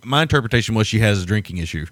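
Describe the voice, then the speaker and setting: An American man co-hosts a film podcast, chatting casually about movies, rambling, laughing often, and swearing now and then. His voice is lowish and fairly bright, expressive and rapid-fire, on a dry recording.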